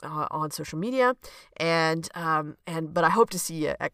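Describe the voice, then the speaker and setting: A woman's voice: deep voice, animated, moderate pace, sharp tone, clean tone, dry recording, clean studio sound. Earnest woman podcast host. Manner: earnest, conversational, frequent "okay?" check-ins. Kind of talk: reflective solo podcast talk.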